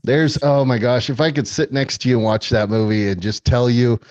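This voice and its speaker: A man's voice: mid-range voice, steady tone, brisk, a little mellow, no echo, lo-fi sound. A man telling stories as a guest, chatty with many fillers and frequent laughs. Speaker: guest, former film extra. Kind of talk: casual storytelling.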